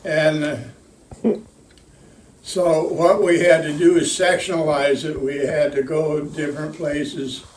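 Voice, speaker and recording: An older man, a retired lineman, telling work stories in a halting way with many pauses and fillers. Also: on the high side, flat delivery. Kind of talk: casual storytelling. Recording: roomy sound from a distant mic.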